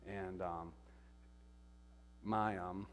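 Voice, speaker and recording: A man, a guest speaker telling a sermon testimony, halting and repeating his words as he goes. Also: low voice, fairly even intonation, slight background noise. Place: church sanctuary. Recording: echoey sanctuary reverb.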